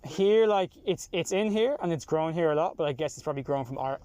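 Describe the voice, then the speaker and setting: A young Irish man in his twenties, a taxi passenger explaining things in relaxed casual chat, with many fillers and restarts. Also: on the high side, fairly quick, no room sound. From Ireland. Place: inside a taxi.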